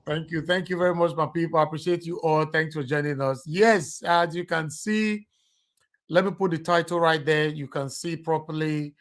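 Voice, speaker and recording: A man's voice: a little high, steady tone, moderate pace, a bit bright. A man with a Nigerian Pidgin English accent hosting a live online talk show, switching between Pidgin and English and teasing his callers. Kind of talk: live stream chat with callers.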